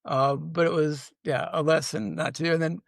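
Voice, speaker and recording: A man's voice: a little high, fairly even intonation, normal speed, vocal fry, no room sound, studio quality. An older man, a sitcom writer and producer, telling rambling anecdotes in a casual interview, full of fillers and restarts.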